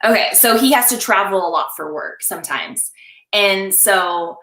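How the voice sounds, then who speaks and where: A young adult woman, a confidence coach, chatting as a guest on a live stream, animated and laughing often as she acts out little scenes. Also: mid-range voice, normal speed, reverberant. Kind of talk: casual live-stream chat.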